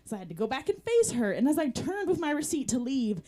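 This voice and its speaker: Chatty woman hosting open mic, kinda high voice, bouncy, laughs a lot. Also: very animated, fast, warm tone. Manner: chatty, laughs between lines. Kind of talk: stand-up and hosting.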